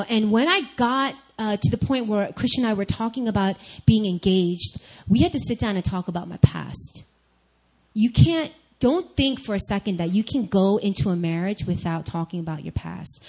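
A young adult woman giving a sermon-style personal testimony, candid and animated, speaking straight to her listeners. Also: mid-range voice, low-quality recording.

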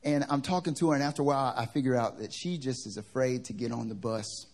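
A male pastor from the American South, preaching a sermon through funny personal stories, animated and joking. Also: mid-range voice, fast. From Southern United States. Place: church service.

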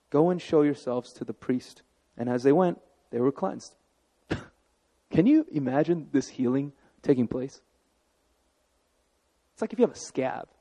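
A man with a fairly high voice preaches to his congregation, animated and chatty. He keeps turning to the room with quick asides. His voice carries a long reverb from a large church hall. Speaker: pastor. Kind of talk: sermon.

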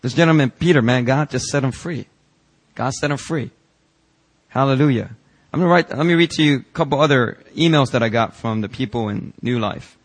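A man pastor preaching a sermon in church, telling stories and reading out emails with lively emphasis. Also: medium pitch, brisk.

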